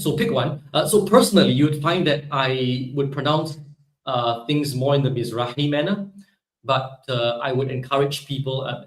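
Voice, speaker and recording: This low-quality recording, made in an echoey room, captures a Hebrew teacher running a live online class. His mid-range voice walks students through the material step by step, frequently tossing in "right?" to check understanding.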